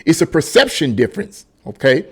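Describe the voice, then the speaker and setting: A middle-aged man delivering an opinion monologue straight to his viewers. His voice sits a little higher than most men's. He talks emphatically and rambles, stumbling over restarts and repeated words as he works toward each point. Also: sing-song, fairly quick, breathy edge. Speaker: political commentary vlogger.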